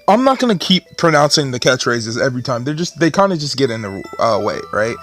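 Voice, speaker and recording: Brief: a man hosting a let's play, lively and chatty, fairly high voice. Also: brisk, soft background music. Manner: chatty, exasperated joking asides. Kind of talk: casual gaming commentary.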